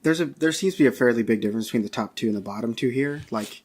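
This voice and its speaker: A man on a casual podcast who cuts in with short, blunt jokes and opinions. His voice sits at an ordinary pitch for a man. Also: rapid-fire, a little mellow, husky. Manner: blunt, joking interjections. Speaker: podcast co-host. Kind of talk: casual chat.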